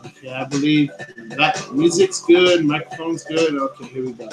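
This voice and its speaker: A man hosting a paranormal news show, talking loudly and close to the microphone, with many fillers and pauses. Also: mid-range voice, steady tone, low-quality recording. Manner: loud, speaks close to the mic, hesitant with fillers. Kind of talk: casual solo show talk. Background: background music.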